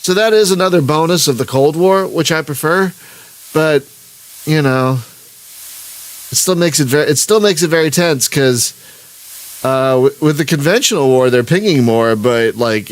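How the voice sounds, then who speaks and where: A man's voice: medium pitch, normal speed. A man hosting a gaming stream, talking casually and rambling over his gameplay with restarts and chuckles. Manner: rambling, self-interrupting, chuckling. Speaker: gaming channel host. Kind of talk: live-streamed gameplay commentary.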